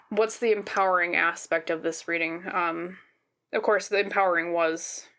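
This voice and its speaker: A woman giving a pick-a-card tarot reading on camera, gentle and reassuring, often checking in with "okay?". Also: lowish voice. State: briefly teary and emotional. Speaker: tarot reader. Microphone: camera mic, seen on camera.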